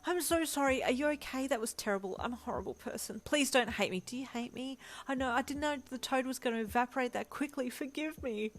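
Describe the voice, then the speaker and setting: A woman's voice: brisk, hardly any pauses. A woman voicing a dramatic young woman adventurer who screeches and wails at anything gross. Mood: apologetic. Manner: shrill, screeching, wailing.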